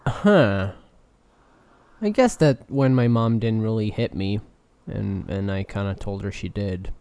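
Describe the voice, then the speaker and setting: A man's voice: on the low side, measured pace, vocal fry, mellow, dry recording. A young man co-hosting a casual podcast, jokey and teasing, playfully needling his co-host. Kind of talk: casual chat.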